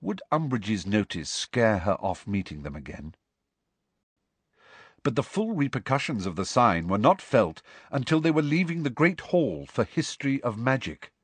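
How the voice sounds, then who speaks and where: A man's voice: medium pitch, normal speed, breathy edge, dry recording. A man narrating a storybook expressively as an audiobook reader. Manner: expressive storytelling that shifts voice for each character. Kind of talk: scripted narration.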